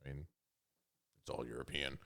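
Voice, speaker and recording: A man's voice: a bass voice, flat delivery, moderate pace, gravelly, pushed and bright. A man co-hosting a casual movie review chat, blunt and leading the talk, swearing freely. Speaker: co-host.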